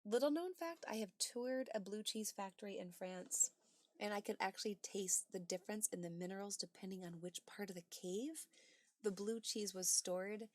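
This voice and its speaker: A woman hosting a livestream in a casual chat, reading chat messages aloud and replying with bright exclamations and soft asides. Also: mid-range voice, normal speed, dry recording.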